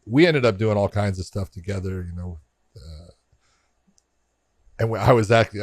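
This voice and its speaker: A man's voice: fairly low pitch, darkish tone, dry recording. A middle-aged man, a referee and podcast co-host, telling a rambling anecdote and acting out both sides of the conversations. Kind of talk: casual storytelling on a podcast.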